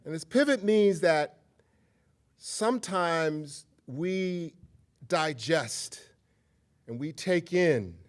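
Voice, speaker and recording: Male guest lecturer, lively pitch, slightly high voice, casual direct address to the room. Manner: animated and conversational, addresses audience directly. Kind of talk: public lecture with storytelling.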